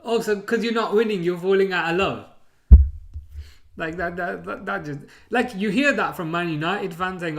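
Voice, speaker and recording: A man's voice: high voice, animated, normal speed, a bit bright. A man hosting a live football watchalong, chatting casually, rambling and chuckling as he reads out chat messages.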